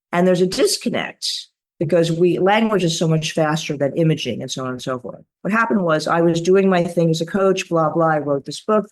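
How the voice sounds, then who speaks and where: Theatrical woman telling a story. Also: low voice. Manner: lively, theatrical, acts out voices in her anecdotes. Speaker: guest, author and creativity coach. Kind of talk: animated storytelling in a podcast interview.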